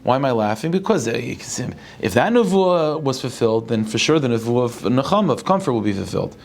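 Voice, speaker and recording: A male rabbi giving a Torah lecture. He talks in halting bursts, restarting and repeating words as he thinks aloud. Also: mid-range voice, big pitch swings, gravelly, darkish tone.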